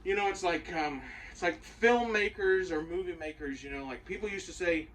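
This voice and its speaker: A man with a rather high-pitched voice gives an opinionated, rambling show review, swearing freely. He sits some way from the mic. A faint hum of room noise runs underneath. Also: moderate pace, a bit bright, recorded from a distance, poor audio. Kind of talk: casual spoken review.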